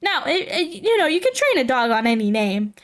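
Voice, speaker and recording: A woman's voice: high voice, big pitch swings, brisk. A young woman streamer chatting casually and rambling aloud while she plays a game, with frequent giggles. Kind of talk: casual livestream chat while playing a game.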